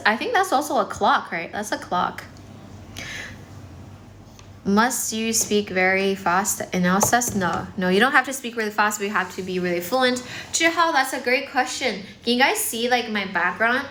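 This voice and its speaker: Woman livestream English teacher, casual and fast-talking, bright tone, phone mic. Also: mid-range voice, slight background noise. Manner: fast, chatty, many fillers, mixes in some Chinese. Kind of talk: casual livestream chat with viewers. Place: indoors, in front of a decorated background.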